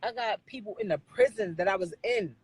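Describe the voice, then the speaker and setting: Husky woman ranting bluntly on a live stream. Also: mid-range voice, brisk, darkish tone, dry recording, poor audio. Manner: blunt, profane, scolding viewers.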